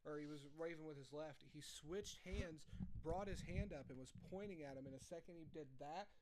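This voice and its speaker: A man co-hosting a podcast, relaxed, recounting a story step by step. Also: on the high side, fairly quick, over a noisy crowd. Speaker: podcast co-host. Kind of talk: casual chat.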